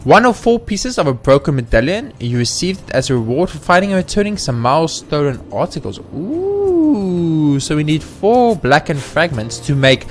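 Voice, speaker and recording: A man hosting a let's play, chatting excitably and playfully about the game. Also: on the high side, normal speed. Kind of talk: gameplay commentary. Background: faint game music.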